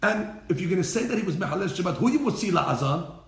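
A man teaching a Torah class in an animated way, mixing Hebrew terms into English and repeating his phrases. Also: sits high, fast talker, echoey room.

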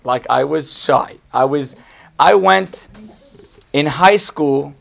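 A man's voice: a little high, slow, creaky, a bit bright. A middle-aged man, a rabbi, teaching a class to an audience in an emphatic style, driving home points with punchy repetition and joking asides. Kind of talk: Torah class to a live audience.

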